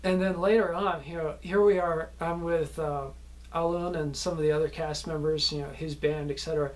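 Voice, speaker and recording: An actor recounts behind-the-scenes stories from a film shoot in a casual, anecdotal way, rambling with lots of fillers and restarts and laughing often. His voice is fairly high, his intonation fairly even, and he speaks at a normal speed.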